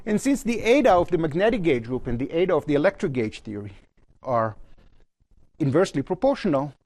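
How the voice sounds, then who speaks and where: A man giving a university physics lecture at a blackboard, his phrases often trailing off low at the end. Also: fairly quick. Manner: lively pitch, trails off low at phrase ends. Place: lecture hall.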